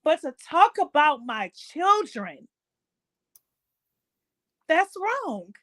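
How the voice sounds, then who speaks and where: High-voiced indignant woman ranting. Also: sing-song, very slow, a bit bright. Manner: indignant, emphatic, repeats herself. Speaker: livestream host. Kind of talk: casual commentary chat.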